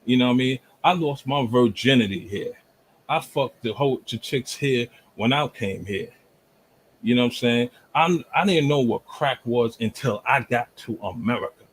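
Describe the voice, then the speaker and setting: A man from Jamaica arguing forcefully in a heated online debate, pushing through interruptions. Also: mid-range voice, normal speed, a little hiss or hum, rough recording. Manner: forceful, repeatedly talks over interruptions.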